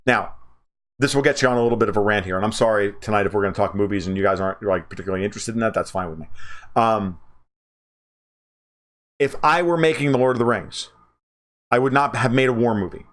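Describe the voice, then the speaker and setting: Profane, animated man ranting on a livestream. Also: quick pace, pauses often. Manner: profane, emphatic, restarts a lot, pitch jumps up when excited. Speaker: livestream host. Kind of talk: casual livestream rant.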